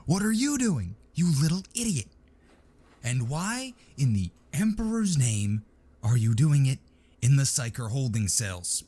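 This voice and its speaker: A man shouting as a furious bellowing army sergeant. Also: mid-range voice, sing-song, unhurried, slightly rough, pitched above the performer's own voice. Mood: enraged. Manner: bellowing, scolding.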